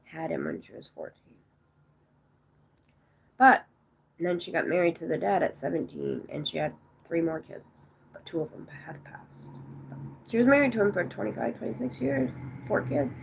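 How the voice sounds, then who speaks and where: A woman's voice: lowish voice, sing-song, moderate pace, gravelly, pauses often, slight background noise. A woman in her forties from the United States, chatting casually on a live stream, rambling through stories and answering viewers' comments. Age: 40s.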